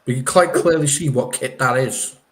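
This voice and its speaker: A man's voice: mid-range voice, normal speed. A man with a Scouse accent co-hosting a casual football stream, making dry, argumentative remarks. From Liverpool. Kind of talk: casual live stream chat.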